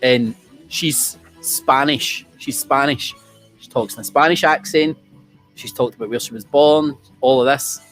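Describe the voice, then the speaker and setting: A man's voice: medium pitch, measured pace, a bit bright, soft background music. Chatty man hosting a quiz. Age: around 40. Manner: chatty, sweary, trailing restarts. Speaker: quiz host. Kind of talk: casual quiz-show banter.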